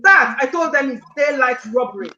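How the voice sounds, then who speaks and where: Woman caller, distressed and earnest, high and bright, echoey muffled line. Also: animated, fairly quick. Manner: distressed, earnest, repeats points insistently. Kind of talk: emotional personal account on a call-in show.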